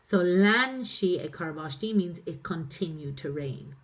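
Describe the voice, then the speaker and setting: A primary school teacher reads a story aloud to her pupils, stopping to explain each phrase in plain terms. She speaks at a fairly low pitch, expressive and unhurried.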